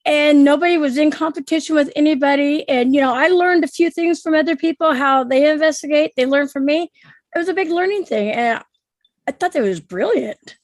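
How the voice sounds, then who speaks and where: A high-pitched woman from Oregon hosts a casual livestream chat. She talks in loose, chatty bursts with many restarts and laughs. Her voice sounds dry and close to the mic. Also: fairly quick, dry recording. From Oregon, USA. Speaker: livestream host.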